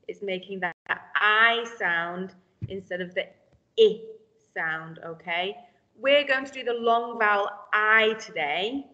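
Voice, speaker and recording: A woman teaches phonics to young children, sounding out each letter slowly and patiently. Her voice is bright and her pace is unhurried. The recording is a little dull and lo-fi. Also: medium pitch. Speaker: primary school teacher.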